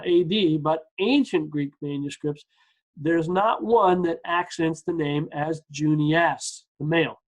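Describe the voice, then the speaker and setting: A man's voice: on the high side, poor audio. A man teaching a Bible study research night, reading quotes aloud with many asides and restarts. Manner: lively, quotes sources, frequent restarts and asides.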